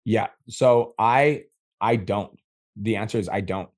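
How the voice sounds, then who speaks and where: A man's voice: lowish voice, no room sound, clean studio sound. A Canadian man coaching on a casual call, blunt and profane, with a Canadian English accent. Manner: blunt, profane, fast and animated. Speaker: business coach and host.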